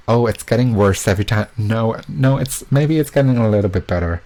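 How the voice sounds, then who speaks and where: A man's voice: lowish voice, fast, few pauses, darkish tone. A young man hosting a live quiz, chatty and joking, with self-mocking asides between questions. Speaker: quiz host.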